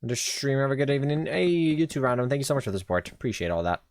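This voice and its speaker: A man with a Swedish accent streaming live, thinking out loud as he builds and chatting easily with his viewers. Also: medium pitch, very animated, quick pace, dry recording. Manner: thinks aloud, chatty, reads chat and answers viewers. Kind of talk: casual live-stream chat while building.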